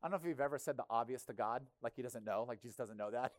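A male pastor preaching a sermon in a conversational, animated way, often acting out quotes. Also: mid-range voice, rapid-fire, dry recording.

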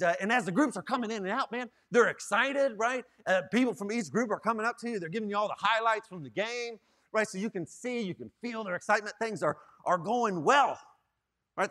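Animated high-voiced man preaching. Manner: animated, self-mocking, tags lines with "right?". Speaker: student ministry director. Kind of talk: storytelling sermon.

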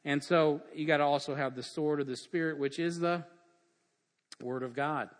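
A man's voice: fairly high pitch, steady tone, normal speed. A middle-aged male pastor preaching a sermon, emphatic and full of rhetorical questions. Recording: long hall reverb.

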